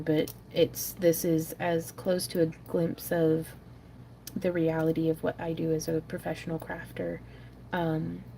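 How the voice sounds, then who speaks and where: Gravelly, low-voiced woman crafter. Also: slight background noise. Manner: chatty, mutters soft asides while working. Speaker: crafting livestream host. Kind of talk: casual livestream chat while beading.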